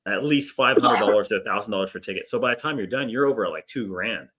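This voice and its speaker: Low, bright-voiced guy chatting sports. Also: quick pace, breathy edge. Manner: laid-back, profane, laughs through stories. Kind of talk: casual sports chat.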